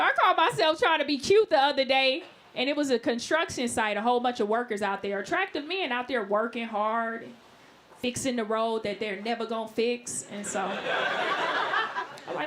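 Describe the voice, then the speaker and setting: A woman doing a brash, animated stand-up set in a live club, laughing at her own jokes. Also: sits high, a little fast. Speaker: stand-up comedian. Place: live comedy club, New York. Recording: loud noise on a live club recording.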